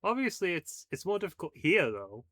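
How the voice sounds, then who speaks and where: A man's voice: high voice, very animated, normal speed, fairly bright tone, no echo, studio quality, pitched above the performer's own voice, full character voice. A man doing a practical no-nonsense girl. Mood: determined. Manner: matter-of-fact, a bit groaning. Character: practical capable young girl.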